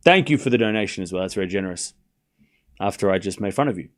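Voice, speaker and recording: A man hosting a live tennis watchalong stream, calling the score and chatting casually with his viewers in an excitable, teasing way. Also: fast talker. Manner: excitable, jumps up in pitch and volume, chats with viewers; teasing, laughs often.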